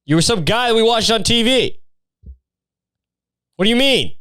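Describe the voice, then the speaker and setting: A man's voice: very high-pitched, expressive, normal speed, pushed and bright, smooth, dry recording, studio quality. A young man hosting a podcast, ranting in a casual, exasperated and mocking way, full of swearing. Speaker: podcast host. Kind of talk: casual comedic rant.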